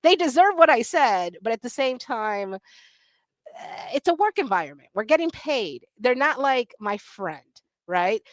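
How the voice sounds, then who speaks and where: Animated, blunt woman on a dry video call. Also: on the high side, a little slow, no room sound. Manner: blunt, animated, laughs often, self-deprecating. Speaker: panelist. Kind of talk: candid conversational storytelling.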